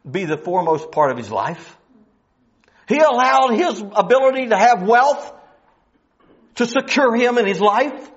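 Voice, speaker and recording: High-voiced man preaching a slow sermon. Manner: emphatic, full of rhetorical questions, stretched-out phrases. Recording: dull lo-fi recording.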